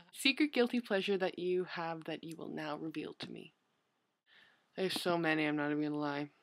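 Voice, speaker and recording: A woman's voice: low-pitched, moderate pace. A young woman vlogger chatting casually as she answers questions, rambling and filling her talk with "like" and "you know".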